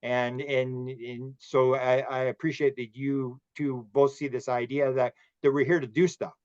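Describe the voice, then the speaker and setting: A man's voice: mid-range voice, little pitch movement, a little slow, a little mellow, dry recording. A man hosting a casual podcast chat, talking in a rambling way with frequent restarts. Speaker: podcast host. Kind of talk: casual conversation. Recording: dull lo-fi dry sound.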